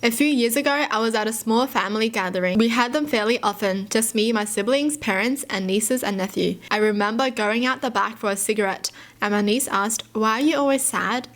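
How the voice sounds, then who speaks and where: A woman's voice: a little high, a little fast, fairly bright tone. Emotive woman reading stories. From Australia. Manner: emotive, sympathetic, gasps and sighs, chatty fillers. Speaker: YouTuber. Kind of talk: reading stories aloud and reacting.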